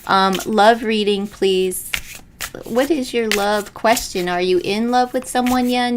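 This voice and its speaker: A middle-aged woman chats on a home live stream while reading tarot for viewers. She rambles, laughs often and turns emotional at times. Her pitch sits in a middle range, with faint noise in the background. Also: slow.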